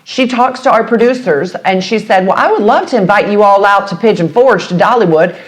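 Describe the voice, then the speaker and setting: A woman chatting as a podcast guest. She tells stories with energy and jumps into high, bright voices when she quotes other people. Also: brisk. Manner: animated storyteller, acts out quotes with big pitch jumps. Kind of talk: casual chat.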